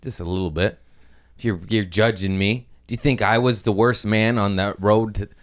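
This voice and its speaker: A man's voice: lowish voice, steady tone, normal speed. A man hosting a podcast, telling loose, rambling stories with swearing and laughs in a casual chat. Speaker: podcast host.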